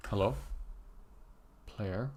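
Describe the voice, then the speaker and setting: A young man streaming his game development mutters through a casual live-coding commentary, interrupting himself mid-thought. He has a lowish voice and draws out his words against a noisy background, with keyboard typing and mouse clicks audible.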